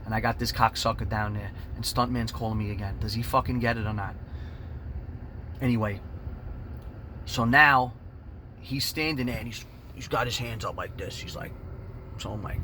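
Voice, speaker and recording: A man telling a profane fight story, animated and swearing constantly, shouting out the punches. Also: mid-range voice, normal speed, slight background noise.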